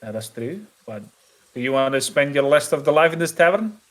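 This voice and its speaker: A man playing a tabletop game, speaking in halting sentences with frequent restarts. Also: fairly high pitch, animated, fairly bright tone. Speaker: player. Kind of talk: casual chat in a tabletop game.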